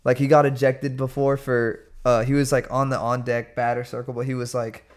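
A young man with a voice of middling pitch, chatting casually as co-host. He tells stories in an animated, joking way. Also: moderate pace. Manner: animated storytelling, jokey. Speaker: podcast co-host. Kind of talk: casual chat.

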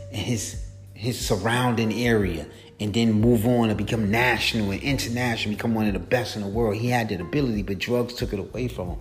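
A low-pitched man talks through a motivational podcast monologue, hammering each point home by saying it again and again. He rises high and loud as the story heats up, and faint music plays behind him. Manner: preachy and repetitive, driving points home; climbs high and loud when retelling the race. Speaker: podcast host.

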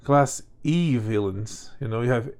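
A podcast co-host on a casual chat show, this man speaks at a measured pace in a mid-range, slightly mellow voice. He rambles, restarting often and using lots of fillers.

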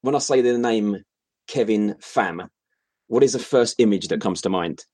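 A man's voice: fairly low pitch, moderate pace, darkish tone, no room sound, studio quality. A man hosting a casual live show, joking around and giving playful introductions. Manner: jokey, playful, gives big introductions. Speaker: show host.

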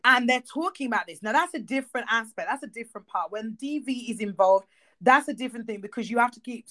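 A woman co-hosting a casual chat, emphatic and blunt, swearing freely and getting animated as she makes her point. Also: a little high. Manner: animated, acts out quoted voices.

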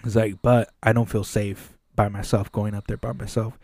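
A man's voice: lowish voice, normal speed, dry recording. A man co-hosting a podcast who tells a work story in casual chat, acting out the quoted lines and swearing often. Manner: animated, acts out quoted dialogue, frequent swearing. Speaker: podcast co-host. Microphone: studio mic.

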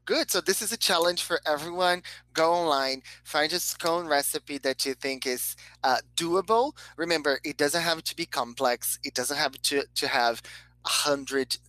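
A woman's voice: deep voice, a bit bright, dry recording, rough recording. Upbeat woman hosting a chat. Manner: upbeat, encouraging, many quick yeses. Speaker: host. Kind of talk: casual podcast chat. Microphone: video call.

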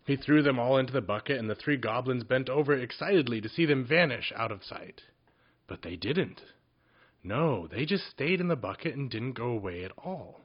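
A man reading a children's storybook aloud with an expressive, sing-song delivery. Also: mid-range voice, normal speed. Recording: dull lo-fi recording.

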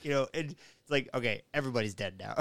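A man's voice: medium pitch, fast talker, vocal fry, a bit bright, dry recording. A man in a casual podcast chat, telling stories animatedly, swearing freely and acting out quotes. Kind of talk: casual chat about movies.

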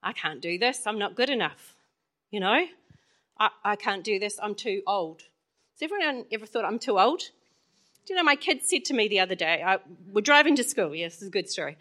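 A woman, preaching a chatty sermon full of stories and quick laughs. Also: medium pitch, sing-song, bright, forceful tone. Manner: chatty, storytelling, laughs often.

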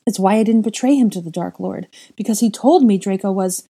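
A woman voicing a desperate middle-aged aristocratic mother, pleading in a high, loud voice. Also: slow. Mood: frantic.

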